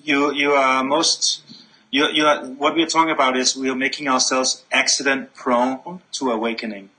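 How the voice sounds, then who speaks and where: A man speaks as an interview guest in a bright, clear-edged voice. He thinks aloud, restarting his phrases often as he reaches for the next idea. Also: mid-range voice, fairly even intonation, poor audio. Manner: reflective, halting with many restarts. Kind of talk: spiritual conversation.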